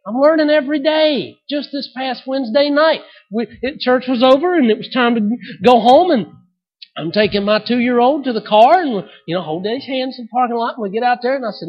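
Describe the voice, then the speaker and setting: High-voiced preacher with dramatic swings. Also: male voice, fairly quick, dull audio. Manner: dramatic preaching with sudden loud outbursts and soft drops. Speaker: pastor. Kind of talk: sermon.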